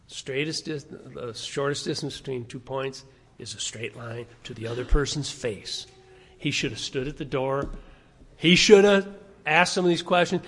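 A man's voice: fairly high pitch, fairly bright tone. A man preaching a sermon as pastor, speaking emphatically and stacking rhetorical questions. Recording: long reverb of a large hall.

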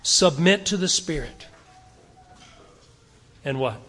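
A male pastor preaches with earnest exhortation, his voice sitting a little higher than most men's. He leans on rhetorical questions and pushes his listeners to action. A long reverb trails behind him in the church. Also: expressive, takes it slowly, fairly bright tone. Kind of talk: sermon.

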